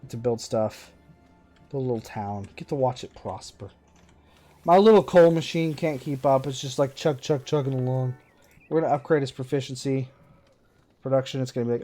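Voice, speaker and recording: With a warm, medium-pitched voice at a moderate pace, a man plays a game on a live stream and chats casually. His running commentary is sarcastic and self-deprecating, and faint game music can be heard.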